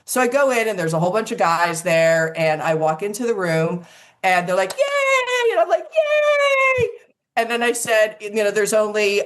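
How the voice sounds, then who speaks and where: An older woman, an actress, telling lively casual stories in an interview and acting out the quotes. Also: lowish voice. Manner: animated storyteller, acts out quotes, swears casually.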